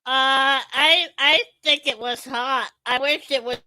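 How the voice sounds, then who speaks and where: High bright woman, slow hesitant short answers. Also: fairly even intonation. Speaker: livestream guest. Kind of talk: casual livestream chat.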